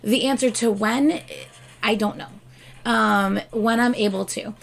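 A woman reaction host chats casually to her viewers, rambling along with plenty of fillers. Her voice sits a little high, with a gravelly fry running through it, and her throat sounds dry and scratchy. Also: measured pace. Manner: rambling, filler-heavy and chatty. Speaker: music reaction channel host. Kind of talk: casual talk to camera.

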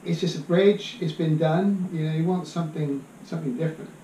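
A man from Bristol, England, chatting casually as a guest, hesitant and trailing off quietly. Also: a little high, fairly quick. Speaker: guest droid builder. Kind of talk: casual conversation. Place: room in a home. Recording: echoey room, mic at a distance, faint hiss.

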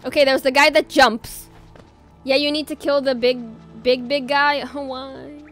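Bright high girl voice streaming a game, chatty, jumpy, shrieks a lot, faint game music behind. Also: level tone, measured pace. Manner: chatty, easily startled, bursts into shrieks. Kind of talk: live gameplay commentary.

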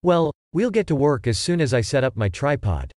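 A man's voice: mid-range voice, sing-song, moderate pace, darkish tone, dry recording, clean studio sound, natural voice. A man voicing an earnest, long-winded male baby photographer in a read-aloud joke, talking matter-of-factly like a salesman.

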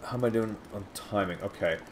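A man hosting a let's-play, giving excitable, casual commentary, swearing at and taunting enemies. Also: fairly low pitch, a little fast, a little hiss or hum. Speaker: gaming channel host.

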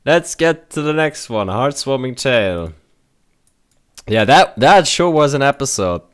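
A man's voice: medium pitch, lively intonation, unhurried, a bit bright, smooth. A man giving casual reaction commentary in short asides, laughing often. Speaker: reaction video host.

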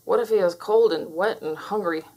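A woman's voice: medium pitch, moderate pace, dark tone, natural voice, poor audio. A woman reading as a fretful storybook toad. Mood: worried. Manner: worried, fretting questions. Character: anxious fretful male toad, storybook friend.

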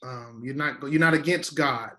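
A man's voice: mid-range voice, moderate pace, pushed and bright. A man, a guest pastor, teaching in a preaching style, emphatic and repeating words for weight.

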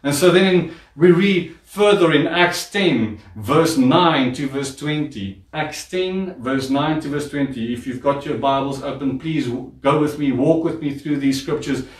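Man, pastor, sermon, fairly high voice, call-and-response, distant mic, echoey hall. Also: measured pace, few pauses. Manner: calls on the congregation to repeat words aloud; repeats phrases for emphasis. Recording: echoey room, voice from far off.

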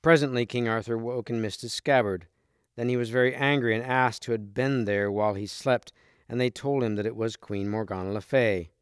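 A man reading a storybook aloud with steady, clear storytelling. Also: mid-range voice, normal speed, no echo, clean studio sound. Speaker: storybook reader.

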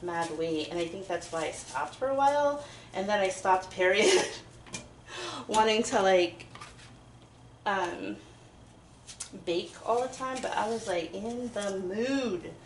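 A young woman rambles and giggles as she bakes. Her voice bounces around an echoey home kitchen. Knife chopping and clattering dishes are clearly heard behind her. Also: medium pitch, lively intonation, slow, pauses often, a little hiss or hum. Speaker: vlogger. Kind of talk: casual kitchen chat while baking. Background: chopping and clinking dishes.

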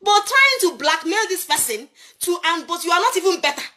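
A Nigerian woman with a very high, bright voice, delivering an impassioned commentary. She sounds preachy and emphatic and keeps firing rhetorical questions. Her tone is forceful and sharp. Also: sing-song, fairly quick. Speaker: political commentator.

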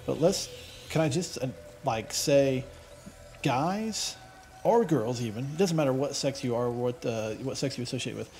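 A man talking over his gameplay in an easygoing, meandering way, with a voice of ordinary middle pitch for a man. He drifts from the game into stories and opinions, earnest and loose with the odd swear word. A faint hiss of noise sits under his voice. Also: animated, moderate pace, darkish tone. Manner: rambling, chatty, wanders off on tangents. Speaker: let's play gamer. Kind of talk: casual gameplay commentary.

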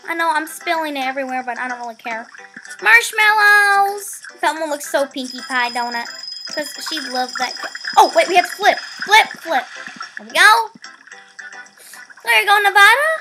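A female gamer giving excitable let's play commentary, often stumbling over her words. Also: very high-pitched, normal speed, faint music behind.

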